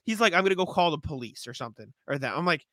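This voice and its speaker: A young man co-hosting a podcast, chatting casually and telling animated, profane stories. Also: on the high side, racing, no echo, studio quality. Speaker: podcast co-host. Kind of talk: casual chat.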